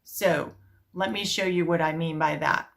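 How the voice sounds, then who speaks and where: Low-voiced music teacher chanting rhythms. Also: female voice, a little slow, gravelly. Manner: chants rhythm syllables in steady beats; explains step by step in a calm, practical way. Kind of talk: teaching video demonstration.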